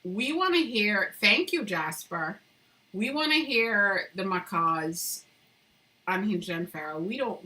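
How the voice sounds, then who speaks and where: A woman's voice: on the low side, sharp tone. A woman hosting a casual live stream from indoors at home, chatting with viewers and reading their comments aloud while she carves, with frequent laughter.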